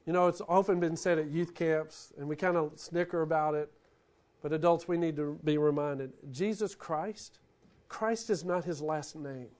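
A man preaching a sermon, who swings between loud, animated bursts and hushed, quiet lines. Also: a little high, normal speed. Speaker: pastor.

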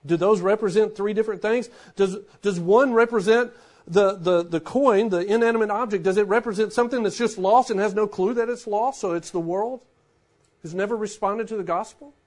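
Pastor guy preaching, fairly high voice, chatty, goes quiet to make a point. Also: brisk. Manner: conversational preaching, drops to a hush for emphasis. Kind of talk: sermon.

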